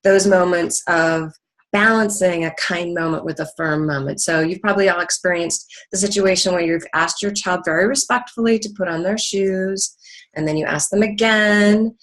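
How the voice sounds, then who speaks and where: A woman's voice: on the low side, normal speed, poor audio. A middle-aged woman teaching about parenting through a story, earnest, with frequent ums and restarts. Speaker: parenting educator. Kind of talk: teaching talk with an anecdote.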